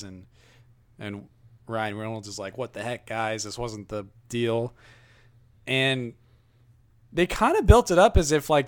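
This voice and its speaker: Regular-voiced guy on a movie podcast, says like a lot, thinking out loud. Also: medium pitch, clean tone. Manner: thoughtful, uses many "like" fillers. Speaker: podcast co-host. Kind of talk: casual movie review chat.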